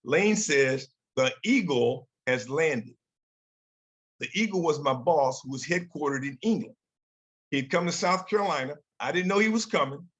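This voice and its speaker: A man's voice: on the high side, expressive, normal speed, a bit bright. Older man telling leadership stories. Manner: storytelling, acts out quoted dialogue. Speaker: guest speaker. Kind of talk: motivational talk with slides.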